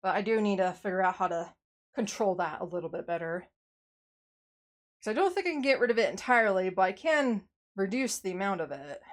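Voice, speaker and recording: A woman's voice: mid-range voice, animated, fairly quick. Out-of-breath woman streamer, rambling. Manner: rambling, self-deprecating, sighs often. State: tired and out of breath. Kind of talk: casual live-stream chat.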